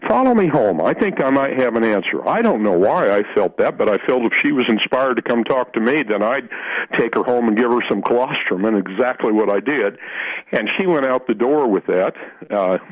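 A man's voice: mid-range voice, normal speed. A man telling a long story as a guest in an interview, often repeating words and restarting his sentences. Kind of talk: storytelling in conversation. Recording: muffled dry radio recording.

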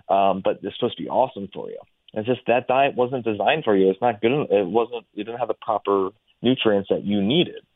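Man, low voice, rambling explanatory talk, tinny phone-line sound. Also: dry recording. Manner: explains at length with many fillers. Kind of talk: casual explanatory interview.

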